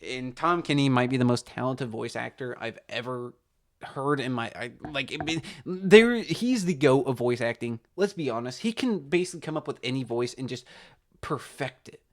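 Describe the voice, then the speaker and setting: A man's voice: medium pitch, expressive, normal speed. Rambling young man, casual vlog. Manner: rambling, hesitant, lots of fillers. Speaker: amateur impressionist.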